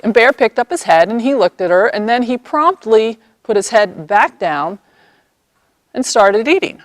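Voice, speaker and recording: A woman equine therapy practitioner, an animated storyteller who acts out the people in her story, recorded outdoors by horses on a camera mic. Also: a little high, moderate pace, no room sound. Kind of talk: storytelling vlog.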